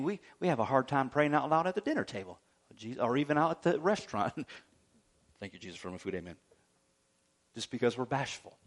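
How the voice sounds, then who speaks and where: A man preaching a sermon as pastor, telling a story, acting out the voices of the people in it and calling for amens. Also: on the high side.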